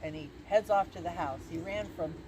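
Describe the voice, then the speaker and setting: A woman's voice: on the low side, background noise. Folksy woman telling a spooky tale. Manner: folksy, halting, with restarts. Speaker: storyteller. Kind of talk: spoken ghost-story telling. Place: outdoor event.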